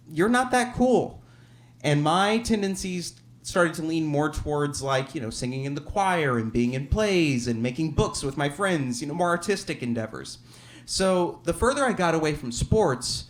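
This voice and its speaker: A man from Alabama telling a personal story on a theater stage, wry and self-deprecating, often chuckling as he talks. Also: fairly high pitch.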